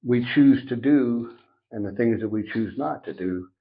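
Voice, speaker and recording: A middle-aged man on a podcast telling a personal recovery story, animated and acting out each side of the dialogue. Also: medium pitch, unhurried. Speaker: podcast guest. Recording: dull lo-fi sound.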